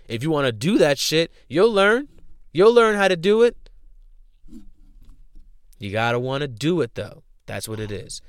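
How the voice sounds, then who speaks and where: A man's voice: mid-range voice, a bit bright, clean tone, no echo, studio quality. A young man hosting a podcast, talking casually and emphatically, with lots of slang, swearing and repetition. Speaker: podcast host. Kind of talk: casual motivational talk.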